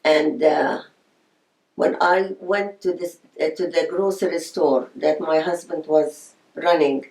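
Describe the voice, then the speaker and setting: A woman's voice: deep voice, steady tone, slow pace, darkish tone. An older woman, telling her life story in an oral history interview. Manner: reminiscing, storytelling with quoted voices. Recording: echoey room.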